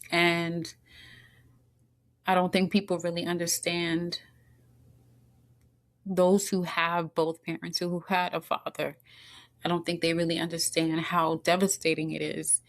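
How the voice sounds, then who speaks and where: A middle-aged woman guest telling her personal story in an earnest, halting way, with many restarts and moments of being choked up with tears. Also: on the low side. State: tearful, choked up at times. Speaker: podcast guest.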